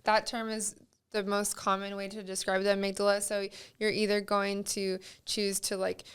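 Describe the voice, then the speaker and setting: A young woman guest on a casual podcast, with a smooth, clear voice at an ordinary pitch. She explains ideas patiently and steadily, as though lecturing a friend. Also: flat delivery, normal speed.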